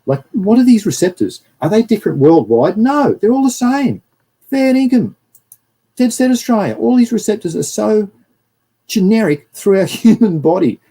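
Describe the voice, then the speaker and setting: A man voicing a mocking know-it-all local in a high, exaggerated put-on voice. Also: big pitch swings, fast, few pauses, mellow, breathy edge, heavily acted.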